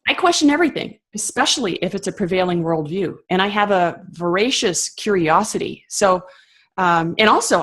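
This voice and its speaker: A woman's voice: medium pitch, fairly bright tone. Woman, interview guest, passionate and emphatic delivery, reflective with fillers. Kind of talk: conversational interview.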